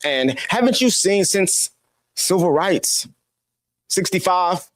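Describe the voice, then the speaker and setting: A man's voice: high-pitched, lively intonation, slow pace, fairly bright tone. A man giving an opinion monologue as a commentator, preachy and scolding, firing off rhetorical questions. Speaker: political commentator.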